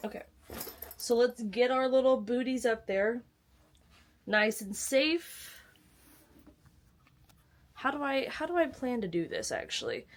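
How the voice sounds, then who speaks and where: A woman's voice: on the high side, a little slow, long pauses. A young woman chatting casually in a book vlog, bubbly and giggly. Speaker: book vlogger.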